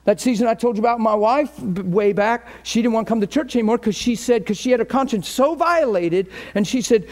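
Male pastor, high-pitched, passionate sermon delivery, storytelling style. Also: brisk, hardly any pauses, darkish tone.

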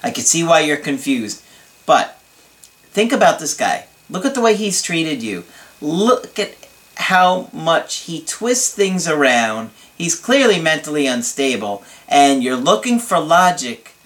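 A man's voice: a little high, fairly bright tone. A man working as a relationship coach, giving blunt and emphatic advice in a video, with playful asides. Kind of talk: advice video reading and answering a viewer's letter.

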